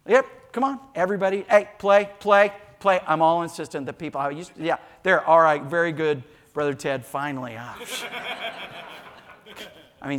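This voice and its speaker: An older male pastor delivering a sermon in a church sanctuary. His voice sits high and bright. He swings from reading scripture to animated storytelling and playful asides to the pews.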